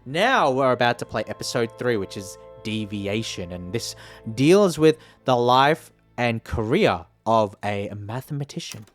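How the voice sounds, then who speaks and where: A man's voice: mid-range voice, animated, measured pace, faint music behind. A man streaming a story game, chatting casually, laughing often and joking about his own voices. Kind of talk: casual live-stream chat.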